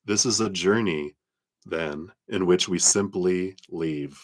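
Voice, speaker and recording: A man reading tarot cards on a live stream, talking in a gentle, reflective way and laughing often. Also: deep voice, slow. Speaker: tarot reader.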